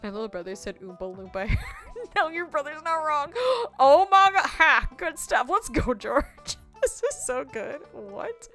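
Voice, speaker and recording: A woman's voice: high voice, very animated, measured pace, fairly bright tone, soft background music. A woman streamer chatting bubbly with her viewers while she plays a game live. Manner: bubbly, chatty, reads chat messages aloud. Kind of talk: live-stream gameplay chat.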